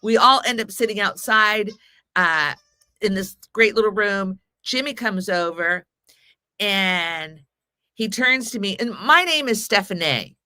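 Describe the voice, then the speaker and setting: A Mexican-heritage woman in her forties, guesting on a podcast, tells a long personal story in a rambling, anecdotal way, performing what others said. Her mid-range voice has lively intonation and a sharp tone, moving a little slowly. The sound is clean studio audio with no room sound.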